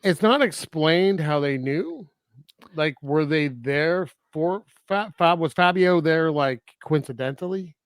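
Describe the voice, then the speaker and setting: Chatty man recapping a film, slightly high voice. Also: expressive, takes it slowly, clear, resonant tone, no room sound. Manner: laughs often, recaps plot with filler words. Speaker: podcast co-host. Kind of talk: casual film review chat.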